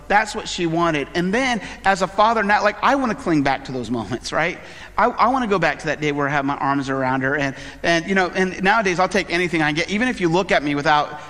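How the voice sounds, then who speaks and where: A man's voice: on the high side, fairly bright tone, big-room sound. A middle-aged man, a pastor, preaching a conversational sermon full of fillers and personal asides. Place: church sanctuary.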